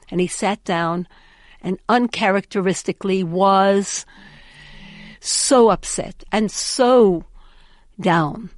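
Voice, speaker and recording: A woman's voice: medium pitch, dry recording. Earnest woman telling an inspirational story. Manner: earnest, with emphatic repetitions. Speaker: inspirational speaker.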